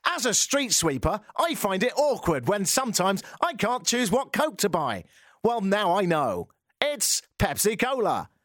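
A man putting on an over-animated, sing-song radio ad voice-over, playing a cheerful everyman. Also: high-pitched, a little slow, no echo, clean studio sound, voice pushed up, heavily acted. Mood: overblown cheer. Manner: sing-song, overly upbeat. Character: over-animated male ad voice-over, chirpy.

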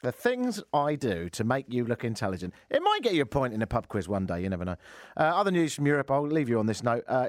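A male talk radio host who chats in a joking, teasing way. His pitch moves around in a lively way, and the studio microphone sounds dry and close. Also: no echo. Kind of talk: casual talk radio chat.

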